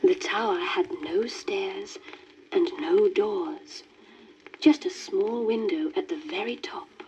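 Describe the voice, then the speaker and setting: A woman reading a children's storybook aloud in a gentle, lilting manner. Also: mid-range voice, takes it slowly. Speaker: story reader. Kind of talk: scripted storybook narration. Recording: dull worn vinyl record with faint hiss.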